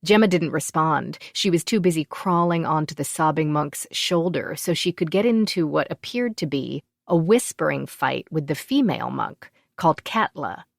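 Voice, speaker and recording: A woman narrating a fantasy audiobook in an even, measured storytelling manner. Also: deep voice, vocal fry, dry recording, studio quality. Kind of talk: scripted narration.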